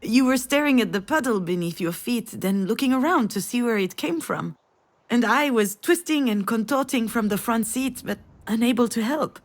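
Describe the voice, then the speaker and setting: A woman's voice: fairly high pitch, lively intonation, normal speed, lightly acted. An actress playing a mother who tells her grown daughter a family memory in a tender storytelling voice. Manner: tender storytelling, rising with emotion.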